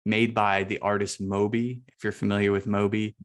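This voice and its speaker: Lowish guy on a video call, loose chatty talk, lots of likes and restarts. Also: moderate pace. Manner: relaxed, filler-heavy, many restarts. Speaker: breathwork guest teacher. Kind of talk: casual group video call chat.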